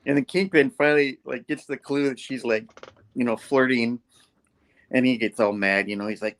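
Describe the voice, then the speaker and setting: A man's voice: medium pitch, normal speed. Chatty man retelling a comic story. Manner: animated retelling, full of "like" and "you know". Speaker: comic book reviewer. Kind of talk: casual chat.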